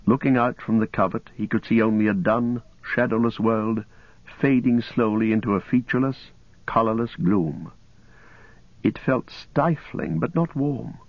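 A man reading a story aloud as an audiobook narrator, calm and measured. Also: on the low side, no room sound. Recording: dull lo-fi, dry.

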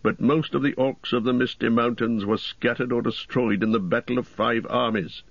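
A man reading the part of a wise old wizard in an audiobook, with a measured, solemn delivery. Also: mid-range voice, steady tone, vocal fry, no room sound, dull audio. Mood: grave. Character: wise old male wizard, grave and commanding.

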